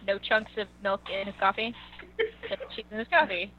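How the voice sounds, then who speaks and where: A woman in a casual group chat, animated and giggly as she tells a story. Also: mid-range voice, moderate pace, lo-fi sound.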